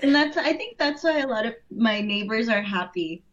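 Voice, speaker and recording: A woman guest chatting casually in an interview, relaxed, laughing often and filling pauses with "um". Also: fairly high pitch, highs cut off, a crowd in the background. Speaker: interview guest, home vegan cook.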